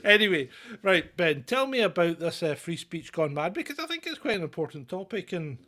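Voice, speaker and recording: Casting: high, bright British man, irreverent comedy co-host, mocking and sarcastic, laughs a lot. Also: big pitch swings, a little fast. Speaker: podcast co-host. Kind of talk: casual comedic chat.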